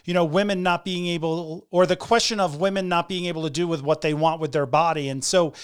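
A woman's voice: lowish voice, steady tone, fairly quick, clear, resonant tone. Candid middle-aged woman talking earnestly. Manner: earnest, candid, with frequent restarts. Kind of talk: casual chat.

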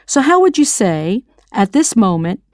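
A woman's voice: medium pitch, very animated, measured pace, darkish tone, dry recording, studio quality. A woman narrating a scripted audio language lesson, quizzing the listener with playful questions. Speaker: language teacher.

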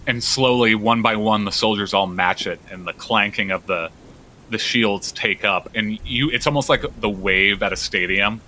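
A man's voice: lowish voice, moderate pace, bright, forceful tone, slight background noise, poor audio. A man narrating as game master of a tabletop game, vivid and full of restarts.

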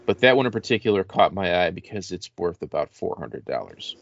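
A man's voice: low voice, a little fast, no echo, lo-fi sound. A man co-hosting a casual podcast chat, rambling with plenty of fillers. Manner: relaxed, rambling with many fillers. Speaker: podcast co-host. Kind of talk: casual chat about toy purchases.

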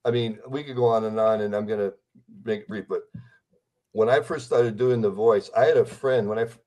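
A man's voice: lowish voice, steady tone, fairly quick, a little mellow. A man in his sixties, a guest on a podcast interview, who talks in a rambling, enthusiastic way. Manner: rambling, enthusiastic, slips into impressions. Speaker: interview guest, celebrity impersonator.

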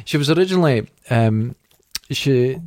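A man's voice: medium pitch, animated, normal speed, a little mellow, no room sound, studio quality. A Scottish man chatting casually as a podcast co-host, telling laid-back, self-deprecating stories. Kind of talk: casual chat.

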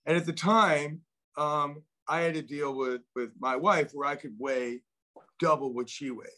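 Unhurried and sharp-toned, with a voice on the high side, this middle-aged man is a venture investor being interviewed. He tells a long, rambling personal story marked by many restarts and repeated words.

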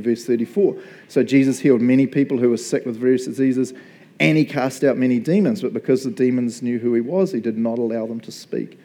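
A man's voice: medium pitch, mellow. A male pastor giving a casual, conversational sermon. He laughs often and keeps asking "right?". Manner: chatty, laughs often, asks "right?" a lot.

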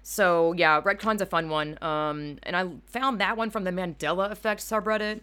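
A young woman hosting a casual solo podcast from home, rambling through animated asides and swearing freely. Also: on the low side, moderate pace, clear, resonant tone. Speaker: podcast host. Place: home room at a computer. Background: keyboard clacking.

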